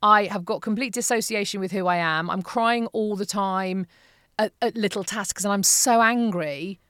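A middle-aged woman, an interview guest, telling a painful personal story in a halting, emotional way with many repeated phrases. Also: mid-range voice, fairly bright tone, smooth, dry recording, clean studio sound.

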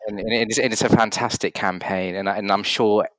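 Brief: low-pitched male podcast host, upbeat, dry close sound. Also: fairly even intonation, brisk, no room sound, rough recording. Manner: enthusiastic, encouraging, many backchannels. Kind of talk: casual interview chat.

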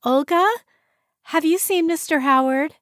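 A woman's voice: fairly high pitch, unhurried, a little mellow, no room sound, clean studio sound, voice pushed up, natural voice. A woman voicing a flustered young woman scolding herself and calling out.

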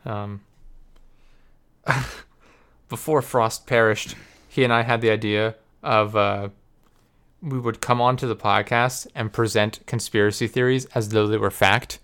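Young man, podcast co-host, low smooth voice, rambling profane storytelling. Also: steady tone, normal speed, fairly bright tone. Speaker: podcast co-host and video editor. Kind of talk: casual podcast chat.

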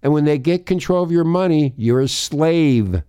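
A man's voice: fairly high pitch, lively intonation, normal speed, mellow, smooth, no room sound. Profane, ranting male talk radio host. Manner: profane, emphatic, confrontational.

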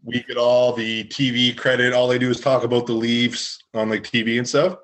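A man's voice: mid-range voice, little pitch movement, normal speed, fairly bright tone. Blunt Canadian man talking sports. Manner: blunt opinions, frequent "like". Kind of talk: casual sports chat.

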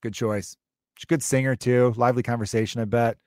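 A man tells stories with animated energy, swearing freely. His mid-pitched voice sits close and dry, with no room around it. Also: fairly quick, no room sound. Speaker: stand-up comedian and podcast co-host. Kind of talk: casual comedic chat.

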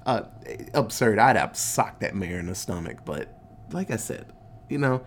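A man's voice: on the low side, expressive, normal speed, a little hiss or hum. A man casually recapping a movie, laid-back and swearing a lot, acting out the characters' lines in goofy voices. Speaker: podcast host recapping a movie.

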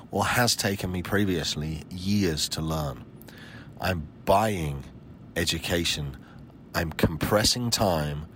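A man in his forties gives a solo podcast monologue with a deep, low voice. He speaks bluntly and emphatically and swears freely. A faint hum sits under his voice. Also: a bit bright. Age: 40s. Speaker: podcast host.

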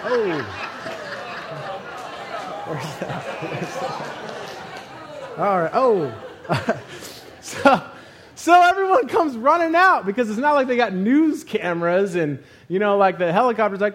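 Animated preacher man retelling a story. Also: high voice, a little slow, long pauses, some chatter behind. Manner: animated storytelling, acts out characters with funny voices. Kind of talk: sermon.

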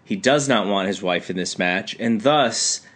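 A man's voice: on the low side, measured pace, a bit bright. A man co-hosting a casual wrestling podcast, speaking hesitantly with many stammered restarts. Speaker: podcast co-host.

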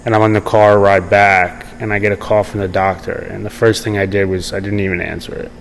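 Young male podcast guest, casual, restless restarts, slightly low voice, light background noise. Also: level tone, fairly quick, gravelly, low-quality recording. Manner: rambling, many fillers and restarts. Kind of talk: casual storytelling interview.

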